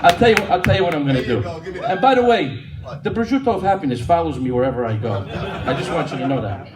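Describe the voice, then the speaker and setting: Middle-aged comic, punchy storyteller, lively and fairly high voice. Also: male voice, quick pace, a crowd in the background. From New Jersey. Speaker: stand-up comedian. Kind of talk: stand-up comedy. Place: comedy club stage. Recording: echoey club from far off with noise.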